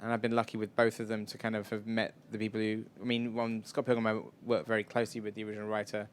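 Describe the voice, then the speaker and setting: A man's voice: fairly low pitch, monotone, quick pace, a little hiss or hum. A man answering audience questions at a live event, chatty and rambling, often self-deprecating. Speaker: filmmaker guest.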